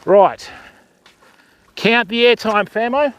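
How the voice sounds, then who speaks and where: A man's voice: high-pitched, lively intonation, normal speed, pauses often. An older Australian man hosting a fishing livestream from the beach, chatting casually and greeting viewers by name while explaining what he's doing. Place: beach outdoors.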